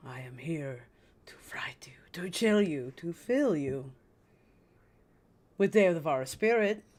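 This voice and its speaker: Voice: mid-range voice, animated, a little slow, a little mellow, close to an everyday voice. A streamer voicing a female poison witch fortune-teller in a whispered role-play, theatrical and drawn out. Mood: eerie.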